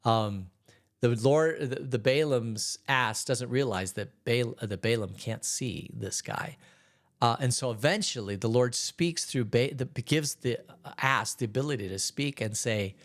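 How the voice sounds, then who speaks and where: A man who is a pastor, giving a relaxed, conversational Bible teaching in church, reading scripture aloud and retelling it in everyday words. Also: medium pitch, measured pace.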